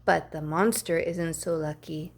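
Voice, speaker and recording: A woman reading a picture book aloud, playful and expressive, dropping to hushes for effect. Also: sits low, unhurried. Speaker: storybook reader.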